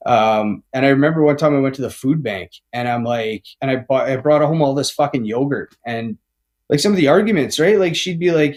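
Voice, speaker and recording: Brisk and a little mellow, this mid-range voice belongs to a man in his forties sharing his recovery story frankly as a podcast guest. He rambles, restarts often, swears heavily, and caps sentences with "right?" or "man."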